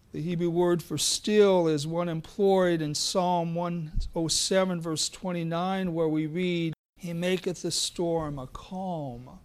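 A man preaching a sermon, dropping to hushed tones and rising to loud emphatic exclamations. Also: sits high, clear, resonant tone.

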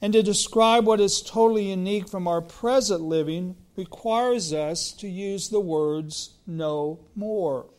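A middle-aged man preaching a sermon as a pastor, slow and emphatic, building on repeated phrases. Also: high-pitched, a little mellow.

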